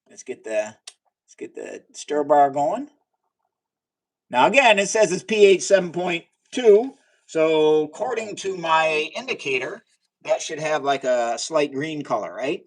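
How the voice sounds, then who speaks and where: Male livestream science host, fairly high voice, very lively pitch, enthusiastic and chatty. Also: measured pace, poor audio. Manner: chatty and excitable, talks to viewers, cheers at results. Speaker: livestream host doing chemistry experiments. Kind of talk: casual live science demo.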